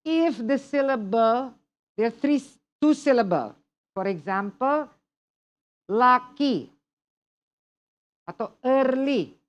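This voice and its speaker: Slow-talking Indonesian-accented woman teacher. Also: a little high, expressive, dull audio. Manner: mixes English with Indonesian, chatty and joking. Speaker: English teacher. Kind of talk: classroom lesson.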